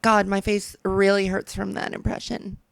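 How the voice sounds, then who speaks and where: A woman's voice: medium pitch, flat delivery, normal speed, gravelly, dry recording. A woman hosting a comedy podcast, rambling through a story with crude jokes and asides. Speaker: podcast host.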